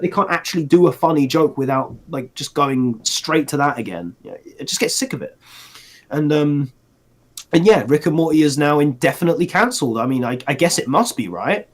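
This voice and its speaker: Podcast co-host, man, slightly high voice, sarcastic ranting casual chat. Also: animated, fairly quick, husky. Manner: ranting, sarcastic, frequent restarts and laughter.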